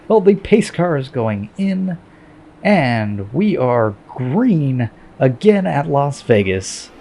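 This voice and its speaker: A man's voice: medium pitch, creaky, a little mellow, slight background noise. A man commentating his own sim race in a chatty, self-deprecating way.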